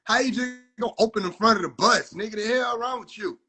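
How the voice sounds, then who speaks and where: With a high voice and a quick pace, a young man comments on his own clips in a loose, foul-mouthed way, often shouting because he can't believe what he's seeing.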